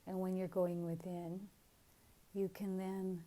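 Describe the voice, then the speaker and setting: Woman, spiritual teaching talk, mellow voice, slightly low, calm, earnest. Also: slow.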